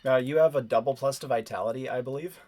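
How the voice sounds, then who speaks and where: A man serving as game master, narrating a tabletop game with a steady, descriptive delivery. He fills his lines with frequent fillers as he builds each scene. His voice sits at a middle pitch. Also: fast.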